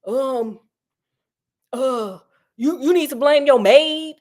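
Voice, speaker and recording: A woman's voice: sits high, takes it slowly, darkish tone. A woman voicing a smug, sleazy male blackmailer in a retold story, brushing off blame with excuses. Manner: dismissive, making excuses.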